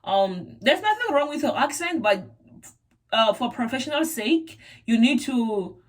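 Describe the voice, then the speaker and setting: A young South African woman with a South African accent vlogs casually to camera, her voice a little high, very animated, and a little slow. She rambles as she chats, repeating words and using lots of fillers.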